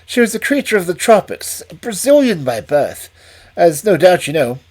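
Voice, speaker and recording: A man plays a jittery estate manager, out of breath and pressing his words out in urgent bursts. The voice rides higher and louder than the storyteller's own, husky at the edges, in a storybook reading. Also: big pitch swings, moderate pace. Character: nervous, frightened thin male estate manager.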